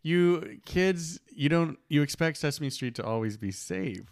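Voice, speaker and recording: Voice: medium pitch, expressive, unhurried, dry recording, studio quality. A podcast co-host chatting casually, reacting with short quips and laughs. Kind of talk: casual chat.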